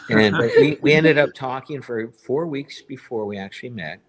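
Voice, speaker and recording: A man's voice: mid-range voice, moderate pace. A man in his fifties telling a long personal story on a live stream, rambling and circling back to repeat himself.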